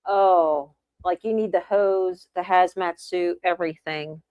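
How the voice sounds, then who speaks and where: A woman's voice: lowish voice, fairly even intonation, dry recording. Laughing woman co-host, dull dry sound. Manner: laughs often, quick interjections. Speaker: podcast co-host. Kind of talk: casual chat.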